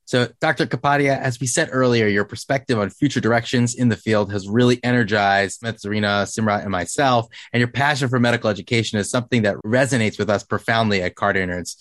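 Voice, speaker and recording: A man's voice: mid-range voice, fast talker, hardly any pauses, a bit bright, dry recording. Dry-sounding male podcast co-host. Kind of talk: casual interview chat.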